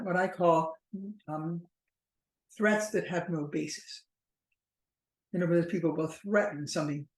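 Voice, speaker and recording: A woman relationship therapist explaining in a measured, thoughtful way, slowing down at times and restarting her phrases. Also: lowish voice, a little mellow, echoey room, poor audio. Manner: measured and thoughtful, slow stretches with frequent restarts and fillers. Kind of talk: explanatory talk to camera.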